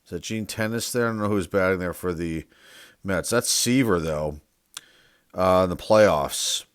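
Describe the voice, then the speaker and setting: A man's voice: deep voice, unhurried, smooth, no echo, studio quality. A man hosting his own channel, reading out names one by one in casual commentary and musing aloud, sometimes unsure how to say them. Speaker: sports card collector and channel host.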